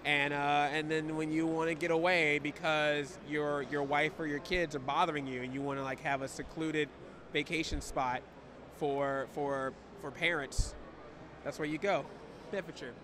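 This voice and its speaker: A man's voice: on the high side, flat delivery, normal speed, background noise. An American man, a comedian guest, riffing playfully with laughs and silly voices in a casual outdoor interview. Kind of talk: playful improvised chat. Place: outdoors at a busy convention.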